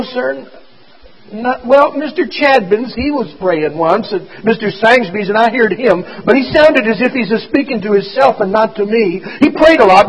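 A man voicing a frightened, dying orphan street boy who talks in plain, halting speech. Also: high-pitched, slightly rough, muffled recording, voice pushed up.

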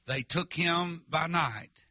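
A man's voice: a little high, slow pace, sharp tone, no room sound. A male preacher, telling a story in a revival sermon in a folksy, emphatic way and calling out to the congregation.

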